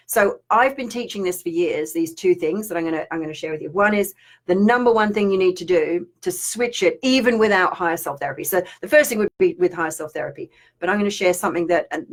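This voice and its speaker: Woman spiritual teacher, rambling live-stream chat with viewers. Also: fairly low pitch. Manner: chatty and rambling, reads viewer comments aloud.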